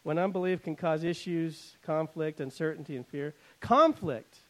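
A pastor preaching a sermon, swinging between loud emphasis and quiet asides, and paraphrasing scripture in a wry, conversational way. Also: male voice, on the high side, moderate pace, low-quality recording.

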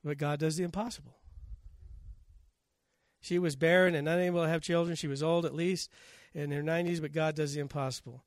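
A man's voice: on the high side, fairly even intonation, a little fast, no room sound, clean studio sound. A man preaching a sermon, telling scripture stories and acting out the quotes. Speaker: pastor.

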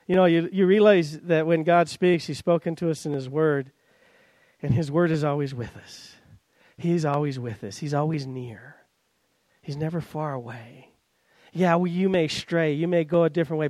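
A man pastor preaching a sermon, swinging between loud, raised passages and hushed, slow pleading. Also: a little high, no room sound.

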